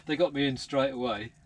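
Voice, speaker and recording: British trucker chatting over loud engine noise. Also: male voice, mid-range voice. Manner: chatty and easygoing, chuckles often. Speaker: truck driver vlogger. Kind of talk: casual vlog chat. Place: inside a truck cab. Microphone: camera mounted in the cab. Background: loud vehicle noise.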